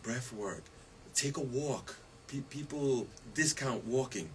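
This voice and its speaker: A man's voice: medium pitch, lively intonation, slow, darkish tone, slight background noise, rough recording. A man as a radio guest, chatting casually about stress and wellness, laughing often and asking "you see?".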